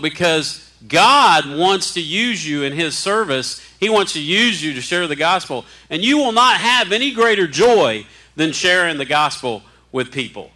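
A man's voice: on the high side, bright, forceful tone, low-quality recording. A middle-aged man preaching a sermon, urging his listeners with fervent repeated commands.

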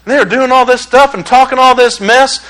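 A male preacher with a very high, bright and forceful voice. He preaches in an animated, joking, conversational style. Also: brisk, rough recording. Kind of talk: sermon.

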